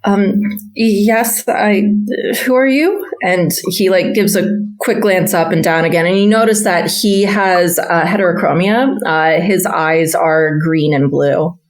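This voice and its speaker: A woman narrating a tabletop game as game master, unhurried with many fillers. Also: on the low side, fairly even intonation.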